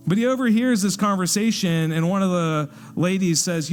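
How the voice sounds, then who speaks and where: Male pastor telling a story in a sermon, fairly high voice, acts out the characters, long church reverb, faint music behind. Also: normal speed, few pauses. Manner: lively narration, acting out the people in the story. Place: church hall.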